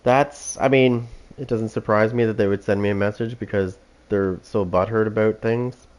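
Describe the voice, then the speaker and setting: A man's voice: lowish voice, fairly even intonation, moderate pace, darkish tone. Brash, foul-mouthed male game streamer. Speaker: streamer playing a killer. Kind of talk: live gameplay commentary.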